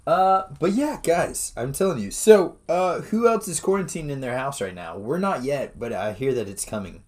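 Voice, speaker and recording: An excitable man from Los Angeles chatting casually on a podcast, saying dude constantly. His voice rises and falls with lively swings in pitch. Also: normal speed. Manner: excitable, says dude a lot. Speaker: podcast co-host. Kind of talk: casual chat.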